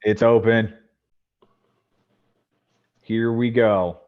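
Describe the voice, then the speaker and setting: A man with a fairly low, fairly even voice hosts a podcast where he runs a fantasy baseball draft. He speaks very slowly in casual chat, announcing picks with rising emphasis, and the sound quality is lo-fi.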